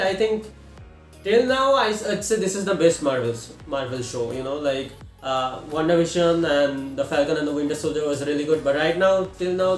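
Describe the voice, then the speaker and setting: Rambling, echoey YouTube reviewer guy. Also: a little high. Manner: rambling, with many fillers and repeated restarts. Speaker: film and TV reviewer. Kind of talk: casual spoken review to camera. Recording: echoey room.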